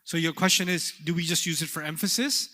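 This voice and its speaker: A man teaching an Arabic grammar class, animated and playful, often asking his students questions. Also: fairly high pitch, a little fast. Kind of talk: classroom lecture. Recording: long hall reverb.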